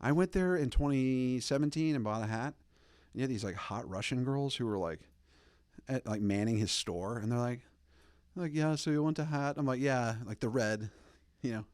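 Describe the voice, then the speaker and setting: A man's voice: medium pitch, moderate pace, darkish tone, no echo, clean studio sound. A young man hosting a podcast, ranting casually and sarcastically, rambling with lots of fillers and mocking impressions. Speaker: podcast host. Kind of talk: casual political rant.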